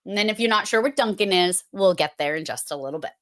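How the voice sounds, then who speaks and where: A woman's voice: medium pitch, lively intonation, quick pace, a bit bright. A middle-aged woman, a host telling stories and giving a playful, chatty talk. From Massachusetts. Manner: storytelling, playful and chatty, with filler words. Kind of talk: casual presentation.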